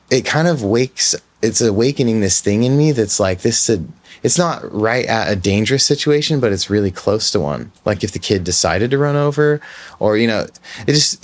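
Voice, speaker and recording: Male podcast host, lowish voice, casual and self-reflective storyteller. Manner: candid, rambling, self-reflective.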